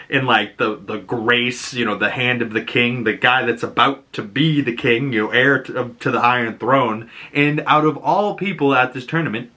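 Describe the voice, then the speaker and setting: A podcast host recapping an episode in a casual, animated way and breaking off for asides. His voice is bright and forward. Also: medium pitch, normal speed, few pauses.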